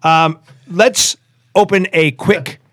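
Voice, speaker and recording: A man in his forties hosting a podcast, telling a personal story in a lively, casual way, acting out quotes and repeating himself. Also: sits high, slow, no room sound. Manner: animated, acts out quotes, repeats words. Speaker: podcast host.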